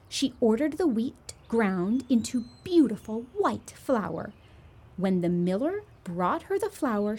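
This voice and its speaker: A woman telling a children's story at an unhurried pace. Her pitch rises and falls with lots of movement as she leans into the words, and her voice carries a soft huskiness. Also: slightly rough. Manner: expressive, gently emphatic reading. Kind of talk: children's storybook read-aloud.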